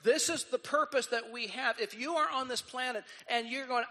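A man preaching with a high, bright voice, animated and quick to act out the people in his story. His sermon rings through a large hall with a long reverb. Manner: animated, acts out quoted voices. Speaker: pastor.

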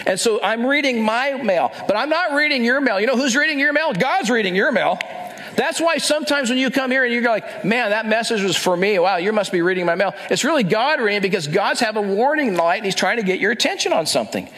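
A man with a high voice preaches a sermon in an easy, conversational way. He keeps asking the listeners questions and slips into short acted-out quotes. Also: lively intonation, fairly quick, sharp tone. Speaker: pastor.

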